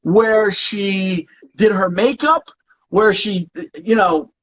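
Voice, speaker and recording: Husky-voiced teasing male host. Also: high-pitched, takes it slowly, muffled recording. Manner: teasing, loud, playful. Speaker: aftershow host. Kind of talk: casual interview chat.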